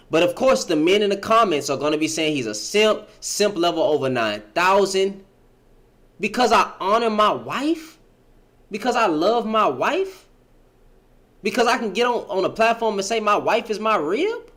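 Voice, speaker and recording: Animated, high-pitched man ranting. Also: normal speed. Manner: rhetorical, pleading questions, lively and expressive. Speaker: reaction video host. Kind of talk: emphatic reaction commentary.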